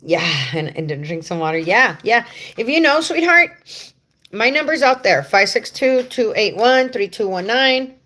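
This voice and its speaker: A woman's voice: a little high, animated, moderate pace, pushed and bright. A woman hosting a casual livestream for home care workers, chatty and rambling, talking straight to her viewers with affectionate asides. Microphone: head-mounted rig.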